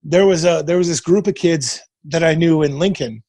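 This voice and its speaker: A husky, slightly breathy man of about forty, from Nebraska, with a fairly high voice for a man. He tells stories casually and swears freely, slipping into the voices of the people he quotes. The sound is dry and close, with no room echo. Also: moderate pace, a little mellow. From Nebraska, USA. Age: 40s. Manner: profane, retells events by acting out quoted dialogue. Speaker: podcast guest. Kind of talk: casual storytelling.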